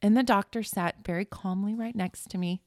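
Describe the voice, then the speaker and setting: A woman telling a painful personal story in a halting, emotional way as a podcast guest. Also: mid-range voice, darkish tone, dry recording, clean studio sound. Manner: halting, emotional, reliving the moment. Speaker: guest sharing her story.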